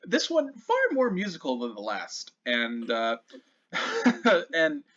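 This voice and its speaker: A man narrating as game master of a tabletop game, animated, with filler words. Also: on the high side, takes it slowly. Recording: slightly muffled lo-fi recording.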